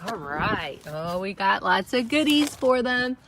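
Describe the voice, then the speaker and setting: A woman's voice: mid-range voice, sing-song, measured pace, crowd noise. Chatty woman outdoors. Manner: chatty and cheerful, coos at her chickens. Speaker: homesteading vlogger. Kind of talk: casual vlog chat. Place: outdoors by a chicken coop on a hot day. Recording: loud outdoor noise behind.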